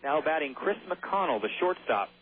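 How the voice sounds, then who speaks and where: A man's voice: fairly high pitch, very animated, normal speed, breathy edge. Chatty man calling baseball on tinny radio. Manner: chatty, drifting into jokey asides. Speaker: baseball play-by-play announcer. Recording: tinny phone-like radio broadcast.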